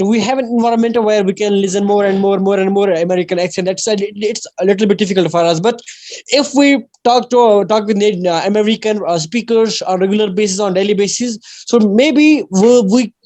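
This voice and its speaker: A man's voice: high-pitched, darkish tone. A man from Kashmir, speaking hesitantly with many fillers in an online practice chat. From Kashmir, India. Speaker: discussion participant. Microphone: video call.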